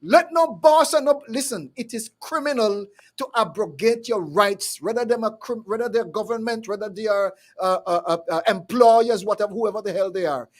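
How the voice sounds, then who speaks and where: A fiery man hosts a live talk show. His voice sits high for a man, and he rants hard, often stumbling and repeating words as he pushes his point. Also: normal speed, few pauses. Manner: fiery, repetitive, stumbling restarts. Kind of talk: impassioned call-in commentary.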